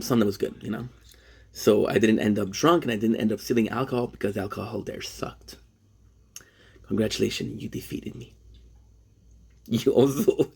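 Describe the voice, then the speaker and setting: Husky rambling man from Quebec. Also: mid-range voice, darkish tone. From Quebec, Canada. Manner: rambling, tangent-prone, joking, self-deprecating. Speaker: streamer. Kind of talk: rambling casual monologue.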